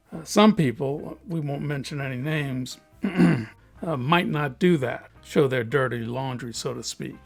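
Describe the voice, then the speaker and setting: A man's voice: medium pitch, creaky. A man who cuts opal, explaining his craft to viewers in a chatty tutorial full of jokes and self-deprecating asides. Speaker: opal cutter. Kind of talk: hobby tutorial monologue.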